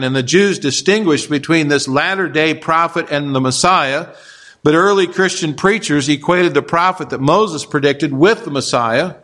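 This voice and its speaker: A man preaching from the pulpit with a somewhat high-pitched voice. He works through a passage verse by verse, asking rhetorical questions and stumbling now and then with small fillers and restarts. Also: moderate pace, a bit bright. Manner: expository preaching with rhetorical questions and acted quotes. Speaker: pastor. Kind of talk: sermon.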